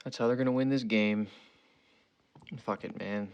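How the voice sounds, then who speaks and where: A young man with a lowish, steady, clean-toned voice at normal speed hosts a sports betting show in lo-fi sound. He rambles and swears casually while giving picks and joking, tagging his lines with "okay" and "you know".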